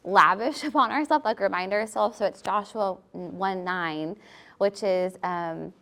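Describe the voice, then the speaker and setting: A woman on a ministry panel, a wife and mother, sharing a Bible verse in a chatty way with many "like" fillers. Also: medium pitch. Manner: warm, chatty, many "like" fillers, quick little laughs. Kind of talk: personal devotional sharing on a panel.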